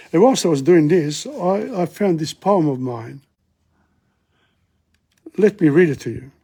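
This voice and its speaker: A man's voice: a little high, mellow, slightly rough. A man teaching a casual video language lesson, rambling a little and repeating each phrase aloud for practice.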